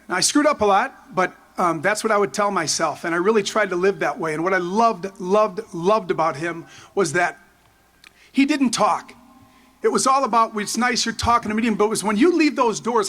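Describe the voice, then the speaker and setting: A man in his fifties giving a rambling, excited tribute speech full of anecdotes and restarts. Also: high-pitched, normal speed. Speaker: former player giving a tribute. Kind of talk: storytelling speech at a memorial.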